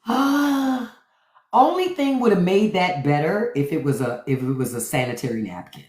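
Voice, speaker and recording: A woman's voice: on the low side, animated, moderate pace, darkish tone. A woman hosting a livestream, giving blunt, profane, mocking commentary straight to her viewers. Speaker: livestream host. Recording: roomy echo.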